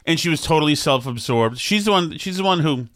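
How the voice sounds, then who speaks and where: A man's voice: on the high side, animated, fairly quick, a bit bright, no room sound, clean studio sound. A man co-hosting a podcast in casual banter, sarcastic and rambling, with stammered restarts. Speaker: podcast co-host.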